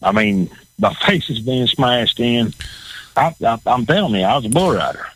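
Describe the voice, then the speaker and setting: A man's voice: medium pitch, big pitch swings, moderate pace, slight background noise, low-quality recording. Blunt, profane Southern man. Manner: blunt, profane, repeats himself. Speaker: guest, former bull rider. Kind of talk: casual talk show chat.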